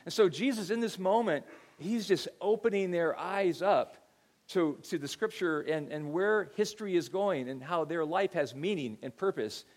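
A middle-aged man preaches from the pulpit in a relaxed, conversational way, stumbling over repeated words as he tells a story. His voice sits a touch higher than most men's. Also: moderate pace. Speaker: pastor. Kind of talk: sermon.

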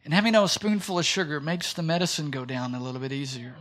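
Brief: male pastor in a church, joking, animated preaching with a high voice. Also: quick pace. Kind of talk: sermon.

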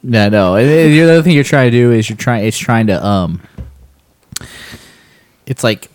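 A man's voice: mid-range voice, normal speed, a little mellow, no room sound. A man co-hosting a podcast in casual chat, dropping wry jokes. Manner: joking, wry commentary. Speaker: podcast co-host.

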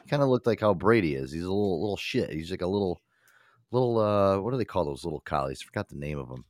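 A man's voice: low voice, expressive, quick pace, dry recording. A man hosting a podcast in casual, profane banter, laughing often and swearing freely. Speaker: podcast host.

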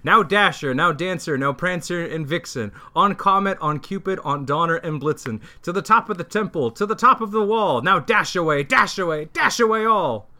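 A man's voice: high-pitched, expressive, normal speed, hardly any pauses, sharp tone, pitched above the performer's own voice, exaggerated voice. A man voicing a jolly old male Santa calling out to his reindeer in a ringing rhythm, in a fan story reading. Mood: rousing.

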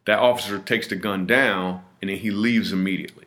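Brief: middle-aged comedian guest, fairly low voice, earnest storyteller who restarts and repeats mid-sentence. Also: male voice, fairly even intonation, brisk, a bit bright. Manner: earnest and vivid, with frequent restarts and repetitions. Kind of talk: personal storytelling in a podcast interview.

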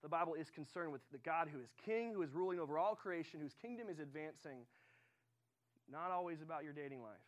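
A young man delivers a youth sermon in a loose, conversational style, stumbling over restarts and filling pauses with ums. His voice sits a little above the usual male range. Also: on the high side. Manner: casual, conversational, many fillers. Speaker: high school director.

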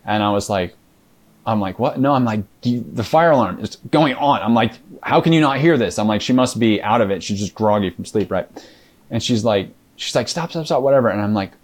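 Male interview guest, low voice, halting storyteller, full of fillers and restarts, acts out dialogue.

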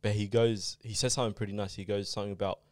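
A low-voiced man rattles through his points at a quick clip, piling on fillers and asides as he explains. The sound is close and dry, with almost no room around it. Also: flat delivery, no echo. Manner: rambling, explains with many fillers. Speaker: podcast co-host. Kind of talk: casual podcast chat.

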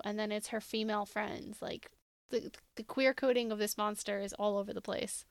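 Podcast co-host, woman, gravelly yet smooth voice, dry close sound, casual recap chat. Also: medium pitch, moderate pace, no echo. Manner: animated retelling, quoting lines with laughs.

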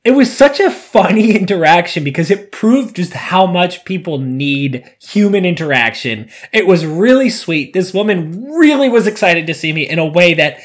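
Podcast co-host, male, lively storyteller with a swooping, expressive voice. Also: sits high, normal speed, few pauses. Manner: animated storyteller, acts out voices. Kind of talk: casual chat.

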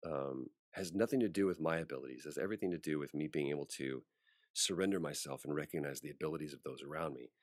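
Male voice actor, deep and dry-miked, a relaxed interview guest who brings his anecdotes to life. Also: quick pace, no echo. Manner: animated storyteller acting out quoted voices. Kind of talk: casual interview storytelling.

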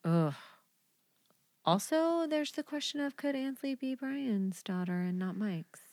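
A woman co-hosting a podcast in casual chat, animated and laughing often. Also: sits high, unhurried, dry recording. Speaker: podcast co-host.

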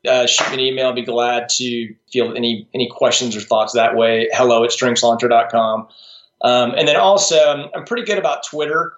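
A man's voice: medium pitch, fairly bright tone. A man, a strengths coach, is a guest on a podcast interview. He talks in a thoughtful, casual way, often restarting and adding asides. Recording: roomy, dull lo-fi sound.

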